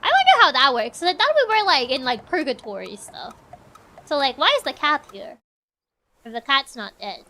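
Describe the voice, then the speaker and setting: A woman's voice: sits high, big pitch swings, normal speed, bright, forceful tone. A woman streamer giving casual let's-play commentary, chatty and thinking aloud.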